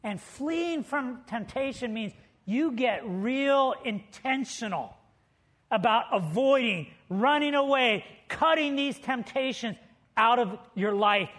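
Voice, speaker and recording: A man with a very high voice preaches a sermon as a pastor at a slow pace. He is a lively storytelling preacher who uses humor and builds to emphatic points.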